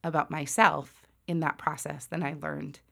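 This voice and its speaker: Woman in her forties, low-ish voice, loud and sassy storyteller, self-mocking asides. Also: little pitch movement, measured pace, creaky. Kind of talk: personal story told to an audience.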